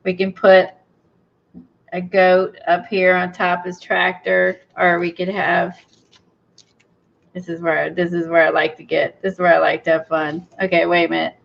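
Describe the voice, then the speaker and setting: A craft video host with a lowish, level voice and some vocal fry talks at a normal speed, chatting and thinking aloud as she works on a project and gushing over little finds. The casual crafting chat has a dull, lo-fi recording quality.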